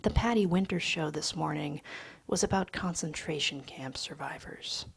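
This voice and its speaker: A woman reading a novel excerpt aloud in a hushed, half-whispered delivery. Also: low voice, moderate pace, creaky, slightly rough. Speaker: reader.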